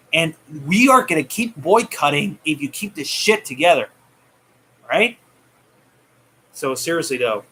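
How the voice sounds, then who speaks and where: Bright-voiced man ranting heatedly. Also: on the high side, lively intonation, unhurried, pauses often, breathy edge. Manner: heated, taunting, swings loud and soft. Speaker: movie news vlogger. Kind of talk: ranting commentary.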